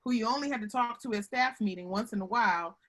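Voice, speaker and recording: A woman giving a lively, chatty webinar talk over a video call from home, often calling her audience y'all. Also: a little high, fast talker. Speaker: guest speaker on workplace relationships.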